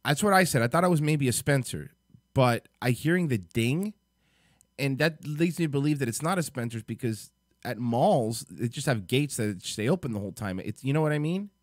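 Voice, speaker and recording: A man's voice: medium pitch, expressive, moderate pace, no echo, clean studio sound. Chatty guy hosting a livestream, voice bouncing up and down, rambly. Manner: rambling, chatty, thinks aloud. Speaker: host. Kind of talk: casual livestream commentary.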